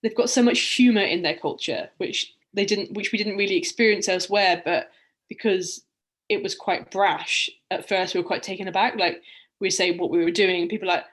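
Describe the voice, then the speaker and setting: A woman's voice: mid-range voice, steady tone, brisk. A young woman, a guest on a podcast, chatting in a reflective, storytelling way with plenty of ums and restarts. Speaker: guest, round-the-world cyclist. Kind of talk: casual podcast conversation.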